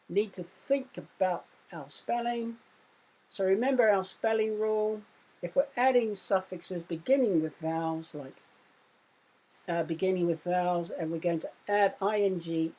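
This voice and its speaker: Slow, soft-spoken British woman teacher. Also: fairly low pitch, husky, rough recording. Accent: British English. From England. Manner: slow, explains step by step, spells out letters. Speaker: primary school teacher. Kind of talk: recorded remote lesson.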